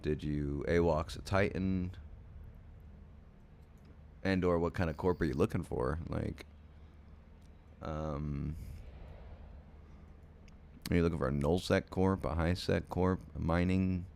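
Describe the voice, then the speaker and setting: Drowsy, gravelly-voiced man streaming late. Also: sits low, steady tone, slow pace, long pauses, darkish tone, slight background noise. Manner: rambling, hesitant, many ums and restarts. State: sleepy, yawning late at night. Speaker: game streamer. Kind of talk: casual livestream chat with viewers.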